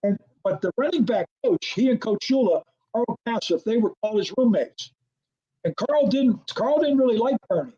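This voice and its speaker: A man's voice: sits high, normal speed, muffled recording. An older man, a former football coordinator, telling a story as an interview guest and acting out the dialogue. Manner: animated storyteller, acts out quoted dialogue, laughs often.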